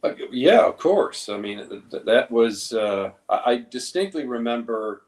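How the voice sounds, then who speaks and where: Older guy remembering stuff, kinda halting, sounds far from the mic in a roomy space. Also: medium pitch, lively intonation, darkish tone. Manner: hesitant, recalling. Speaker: guest. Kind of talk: casual chat.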